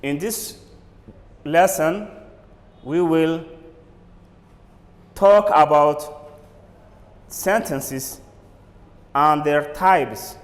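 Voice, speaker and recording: A man teaching an English pronunciation lesson, drilling words slowly and repeating each one. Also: on the high side, big-room sound. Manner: slow, drilling words with repetition. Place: classroom or studio for a TV lesson.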